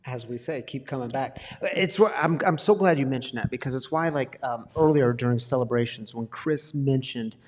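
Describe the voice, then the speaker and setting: A man's voice: mid-range voice, normal speed, hardly any pauses. A man hosts a conversation at a recovery gathering, drawing the audience in and affirming his guest. His voice sits in the middle range and rings with long hall reverb. He sometimes acts out short voices to make a point. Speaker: host of a recovery community talk. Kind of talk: conversational interview.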